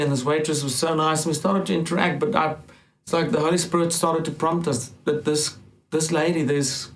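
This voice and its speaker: A man earnestly telling a personal faith testimony in a casual conversation, with halting starts and restarts. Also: a little high, poor audio. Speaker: Christian talk-show participant.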